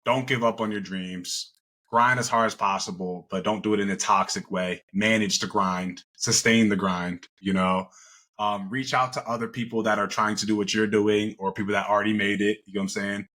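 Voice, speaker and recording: Bright-toned man with a low voice. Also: steady tone, normal speed. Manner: laid-back, motivational, chatty fillers. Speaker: podcast guest. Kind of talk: casual podcast chat.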